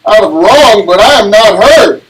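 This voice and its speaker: A man reading Bible verses aloud slowly and emphatically in a study group. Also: sits high, expressive, recorded from a distance, rough recording. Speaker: scripture reader. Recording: off-mic voice with faint noise.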